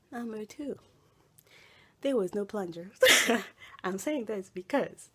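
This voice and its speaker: Husky woman telling stories. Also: mid-range voice, moderate pace. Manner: animated, acts out quotes, laughs often. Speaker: vlogger. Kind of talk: casual storytelling.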